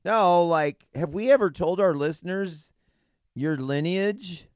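A man's voice: high-pitched, slow pace, darkish tone, smooth, no room sound, studio quality. A man co-hosting a podcast in casual chat, easygoing and joking, laughing often. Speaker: podcast co-host.

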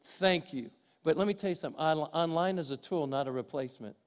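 An older man preaching a sermon as pastor in a church, swinging from loud preaching to quiet, conversational asides. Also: on the high side, quick pace. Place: church sanctuary with congregation. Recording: long hall reverb.

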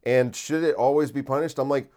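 A man's voice: medium pitch, steady tone, fairly quick, a little mellow. A man hosting a podcast, talking casually and incredulously, full of restarts and rhetorical questions. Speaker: podcast host.

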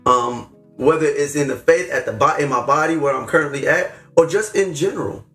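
High-pitched guy preaching hard on his podcast, slangy, upset and near tears, echoey room with faint music. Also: brisk, sharp tone. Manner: fervent, preachy, slangy, rising to exclamations. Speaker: podcast host. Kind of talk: impassioned faith talk.

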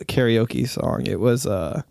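A man in casual chat who sounds hoarse and speaks hesitantly, with many restarts. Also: medium pitch, takes it slowly, a little mellow, no echo, clean studio sound. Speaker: bartender.

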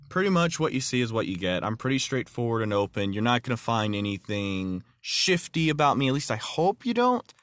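Plainspoken guy doing a solo podcast, dry close sound, middle pitch. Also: a bit bright, dry recording. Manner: earnest, plainspoken, tells jokes. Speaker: podcast host. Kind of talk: casual podcast monologue.

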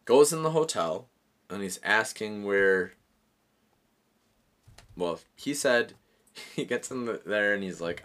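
A man hosting a podcast, telling a story in casual chat, animated and swearing freely, often laughing as he talks. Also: on the low side, takes it slowly, pauses often. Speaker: podcast host.

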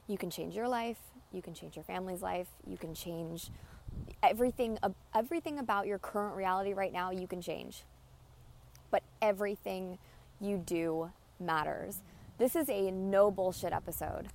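A woman's voice: medium pitch, normal speed, vocal fry, a little mellow, slight background noise. A woman hosting a podcast, giving blunt, emphatic advice in a casual monologue and often repeating herself. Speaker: podcast host.

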